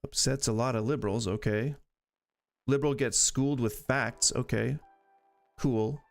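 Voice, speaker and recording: A man's voice: medium pitch, a little slow, vocal fry, faint music behind. A man hosting a live stream, giving casual, opinionated reaction commentary and arguing his points in long, rambling stretches. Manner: opinionated, argumentative, rambles with restarts. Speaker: streamer host reacting to videos.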